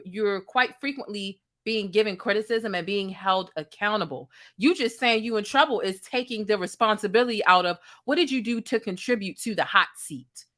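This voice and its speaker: A woman's voice: mid-range voice, fairly bright tone. A woman hosting a reaction commentary, sassy and incredulous, talking straight to the viewer. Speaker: commentary host.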